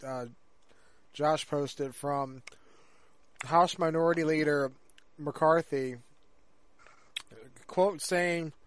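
A podcast co-host chats casually, rambling with plenty of fillers and restarts. His voice is a little high and fairly even in intonation, with drawn-out words and long pauses.

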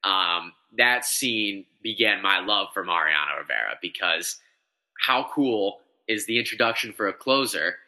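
A man co-hosting a sports podcast in casual chat, excited and rambling, with many restarts. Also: low voice, a little slow. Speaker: podcast co-host.

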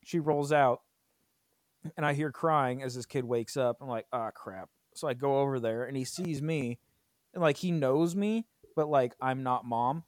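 A young man telling a story in casual chat, profane and animated. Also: mid-range voice, normal speed, no room sound, studio quality.

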